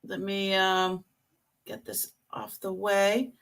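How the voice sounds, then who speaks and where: A woman's voice: medium pitch, little pitch movement, slow pace, creaky, a bit bright, clean tone. A woman reseller chatting on a live stream and describing her items in detail. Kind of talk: casual live-stream selling.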